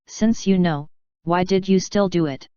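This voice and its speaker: A soft-spoken sister who seems sweet but schemes, read by a woman in a smooth, clear voice on the low side. The recording is dry and a little dull. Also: a little slow, dry recording, natural voice. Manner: gentle, soft-spoken delivery.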